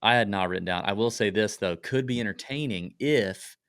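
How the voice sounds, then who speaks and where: A man's voice: fairly low pitch, brisk, clear, resonant tone, dry recording, studio quality. A man co-hosting a podcast, chatting casually and acting out jokey little scenes. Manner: animated, jokey, acts out silly bits. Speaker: podcast co-host. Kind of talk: casual chat.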